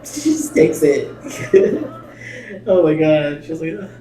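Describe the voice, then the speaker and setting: Hosting a reaction video, this man reads subtitles aloud and comments bluntly, swearing in exasperation. His fairly high voice is expressive, slow and mellow, recorded in an echoey room with a distant mic and faint noise.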